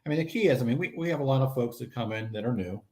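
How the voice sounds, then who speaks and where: A man's voice: medium pitch, expressive, rapid-fire, darkish tone. A man who leads a fishing club, talking earnestly in a casual chat, with many fillers. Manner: earnest, repeats "I mean" and "uh". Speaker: crappie club leader.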